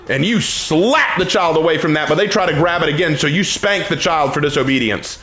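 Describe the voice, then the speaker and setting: A man's voice: a little high, animated, moderate pace, a bit bright, roomy sound, a little hiss or hum. A man preaching emphatically and repetitively while playing a video game. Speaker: gamer streaming gameplay. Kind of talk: casual preaching while gaming.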